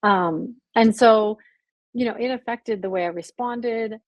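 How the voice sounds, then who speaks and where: A woman guest on a podcast, telling her personal story in a candid, animated way. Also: a little high, unhurried, no room sound, lo-fi sound. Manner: emotional, animated storytelling with laughs and acted quotes. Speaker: podcast guest, abuse survivor.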